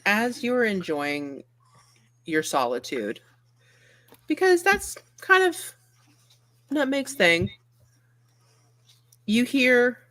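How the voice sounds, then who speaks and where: A woman's voice: on the low side, a bit bright, no echo. A woman getting over a cold, narrating a tabletop game as game master in a chatty, giggly way.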